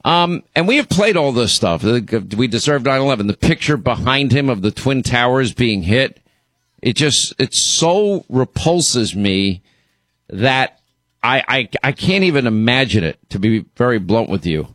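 A man's voice: mid-range voice, big pitch swings, a little slow, fairly bright tone, dry recording. A man hosting a radio and podcast show, talking in a blunt, indignant way with many restarts. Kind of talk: talk radio commentary.

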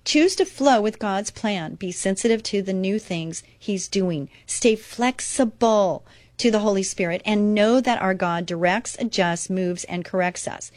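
A woman's voice: medium pitch, unhurried, darkish tone. A woman hosts her own Christian inspirational radio show, her voice sitting in a middle register. She talks earnestly and expressively, reading devotional passages aloud and stopping to comment on them. The recording is dry and close, with no room echo.

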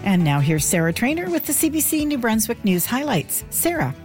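A woman hosting a live morning radio show, chatty and excited. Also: fairly high pitch, fairly quick, music in the background.

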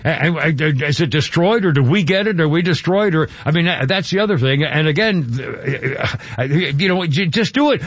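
A man's voice: fairly high pitch, lively intonation, normal speed, slightly rough, dry recording, muffled recording. A man hosting a talk radio show, rambling through commentary with frequent stammered restarts. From Georgia.

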